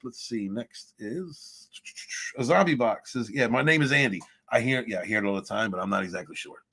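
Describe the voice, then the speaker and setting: A man hosting a livestream, reading viewer chat and ranting in a rambling, profane way with loud swings of emphasis. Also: medium pitch. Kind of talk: casual rant and chat.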